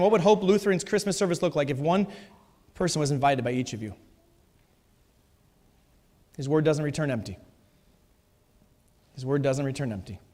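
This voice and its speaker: A man's voice: on the high side, a little mellow. A man preaching a sermon in a church, emphatic and repeating his key phrases. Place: church sanctuary. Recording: long reverb of a church hall.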